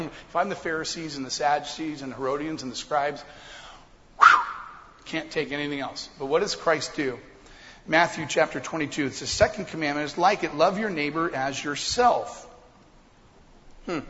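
A middle-aged man preaching a sermon in a church, swinging from quiet asides to loud, fired-up emphasis. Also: fairly high pitch. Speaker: pastor. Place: church sanctuary. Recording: long hall reverb, dull lo-fi sound.

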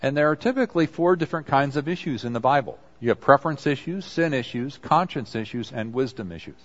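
A man's voice: medium pitch, expressive, fast. Conversational male preacher, slightly muffled. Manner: conversational, acts out quoted apologies. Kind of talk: sermon on confession.

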